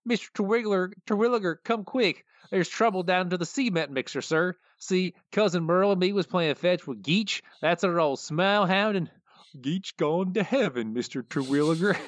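A man putting on a hillbilly yokel who talks slow and high with a thick drawl. The sound is dry and a little dull, with no room around it. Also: no echo, close to an everyday voice. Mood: excited.

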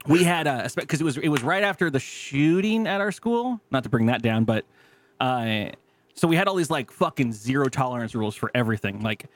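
Brisk and expressive, this medium-pitched man in his thirties banters as a podcast co-host. He swears his way through stories, performs the quotes, and keeps breaking into laughter.

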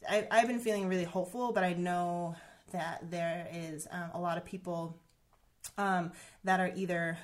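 A woman's voice: lowish voice, steady tone, moderate pace. Earnest woman telling a personal story. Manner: earnest, heavy use of "like" and "um", many restarts. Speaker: guest sharing a personal story. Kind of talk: emotional conversational storytelling.

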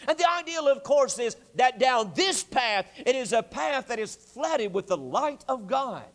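High-pitched male preacher, storytelling sermon, emphatic repetition. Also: sing-song, unhurried, a bit bright. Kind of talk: evening church sermon.

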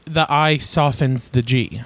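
A man's voice: medium pitch, slow, fairly bright tone. A man co-hosting a podcast in casual chat, explaining his point earnestly, step by step, with frequent ums. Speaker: podcast co-host.

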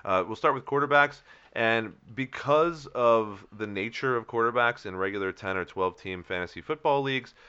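A man co-hosting a casual sports podcast, talking in a halting way with many fillers and restarts. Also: medium pitch, pushed and bright, clean tone, highs cut off. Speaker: co-host of a fantasy football podcast. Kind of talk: casual chat.

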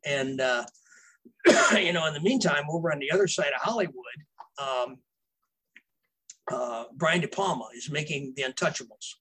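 A man's voice: fairly high pitch, normal speed, long pauses, bright, forceful tone, rough recording. A man, a novelist guest, telling casual behind-the-scenes stories in a rambling way, with fillers and restarts. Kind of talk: casual storytelling.

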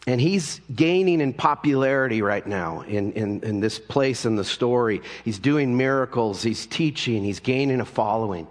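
A man preaching a conversational sermon as pastor, often restarting his words. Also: medium pitch. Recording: long reverb of a hall.

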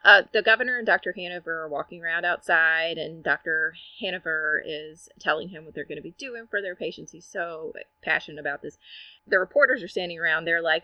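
A woman's voice: lowish voice, a little fast, no echo, lo-fi sound. A woman co-hosting a podcast, chattily recapping a TV episode and acting out quoted lines. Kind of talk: casual chat.

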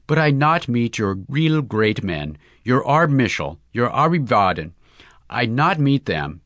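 A man voicing an excitable Russian novelist in broken English with a put-on Russian accent, effusive and exclamatory. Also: medium pitch, a little slow, no room sound. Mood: peevish.

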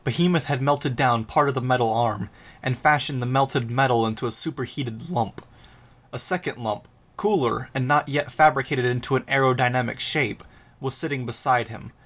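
An audiobook narrator, a man with a mid-range voice, reads a novel aloud in a steady, measured way. It is scripted narration.

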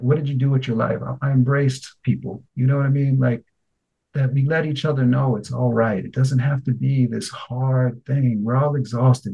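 A middle-aged man co-hosting a radio talk show, chatting and telling animated stories, sometimes slipping into a grandfatherly voice. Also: mid-range voice, creaky, breathy edge, poor audio. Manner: animated storyteller, slips into a warm grandfatherly voice. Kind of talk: casual chat.

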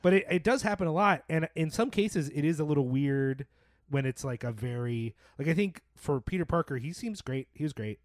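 A man's voice: fairly high pitch, expressive, brisk, no room sound, studio quality. A man in casual podcast chat, blunt and sarcastic, swearing now and then. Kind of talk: casual chat about movies.

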